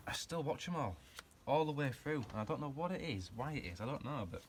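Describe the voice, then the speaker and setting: A low-voiced man talking to camera in a home garage while he works, drifting between jokes and shop talk. He pokes fun at himself and rambles off on tangents as he goes. A faint background hum sits under his voice. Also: brisk, hardly any pauses. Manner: chatty, self-mocking, rambling asides while working. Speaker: hobby car restorer and channel host. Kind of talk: casual workshop vlog chat.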